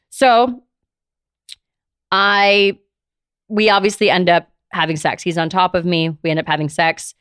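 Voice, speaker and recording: A woman's voice: on the low side, unhurried, fairly bright tone, smooth, dry recording, studio quality. A woman in her thirties, a podcast host, telling a personal story in a confessional way, filling her speech with "like". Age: 30s. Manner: confessional, heavy use of "like".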